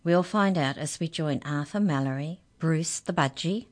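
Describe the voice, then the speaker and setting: A woman hosting a radio storytime, reading a children's book aloud in an expressive, gentle way. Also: low voice, moderate pace. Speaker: storytime reader on community radio.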